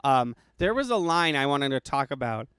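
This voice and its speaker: A man's voice: mid-range voice, very animated, moderate pace, a bit bright, clean tone, dry recording. A man co-hosting a podcast, chatting casually about a movie and rambling with many restarts and fillers. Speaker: podcast co-host.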